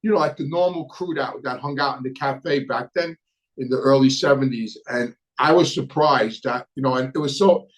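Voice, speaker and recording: A man's voice: medium pitch, moderate pace, low-quality recording. A man, telling stories in a rambling, casual way, with frequent restarts and tag questions. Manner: rambling, frequent restarts and "right?" tags, laughs at his own story. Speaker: show host, former mobster telling stories. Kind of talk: casual storytelling monologue.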